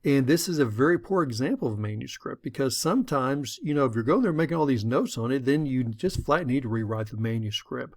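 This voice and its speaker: A middle-aged man giving a conversational, step-by-step lesson on public speaking. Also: mid-range voice. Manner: folksy, conversational, explains step by step. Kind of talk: instructional talk to camera.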